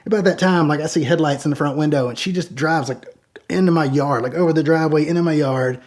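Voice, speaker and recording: A man with a slightly high voice tells a story in a relaxed, conversational way. He acts out each bit of dialogue and fills his talk with "like" and "you know.". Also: fast talker. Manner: animated, acts out each line of dialogue, many "like" fillers. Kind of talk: casual spoken anecdote.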